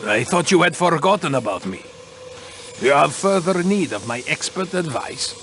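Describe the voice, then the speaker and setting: A proud, easily offended doctor in a mystery video game. He sits high and bright in his voice and swings widely in pitch whenever he protests, sounding sure that suspicion of him is absurd. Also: big pitch swings, normal speed, slight background noise. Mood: dry. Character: indignant male doctor, proud of expertise. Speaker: train doctor being questioned.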